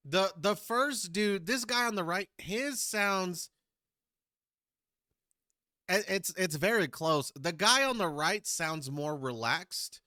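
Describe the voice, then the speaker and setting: A man's voice: high-pitched, lively intonation, takes it slowly, pushed and bright, no room sound, clean studio sound. A man from Texas, hosting a casual reaction video in a chatty, rambling way and searching for words. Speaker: YouTube reaction host.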